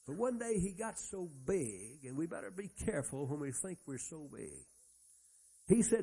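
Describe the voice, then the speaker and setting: A man's voice: high voice, lively intonation, normal speed. A man preaching a sermon, retelling Bible stories in a folksy way and acting out the characters' lines. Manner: folksy storytelling, acts out Bible characters' dialogue.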